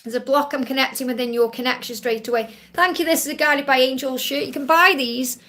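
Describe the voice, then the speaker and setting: Calling her viewers honey, a woman gives reassuring spiritual readings during a live-stream Q&A and keeps returning to her main points. Her voice sits high and is steady, brisk, bright, and forceful.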